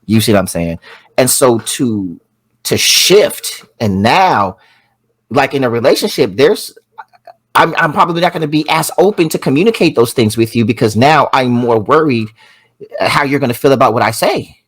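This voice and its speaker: A male podcast co-host in relaxed conversation. His voice rises and falls a lot as he acts out quick quotes. It sounds dry and close to the mic. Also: medium pitch, breathy edge, no echo. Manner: animated, acts out quotes, asks "you see what I'm saying". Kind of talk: casual chat.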